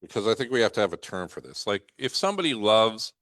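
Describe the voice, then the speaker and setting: Deep-voiced curious male co-host. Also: big pitch swings, fast, fairly bright tone, no echo, clean studio sound. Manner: musing, curious, trailing off. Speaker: radio show co-host. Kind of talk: casual radio chat.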